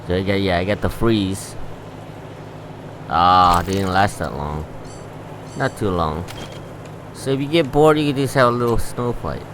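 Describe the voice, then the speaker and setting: A man's voice: low voice, animated, a little slow, pauses often, noisy background. A man giving laid-back, rambling gameplay commentary, swearing freely as he plays. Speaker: gameplay streamer.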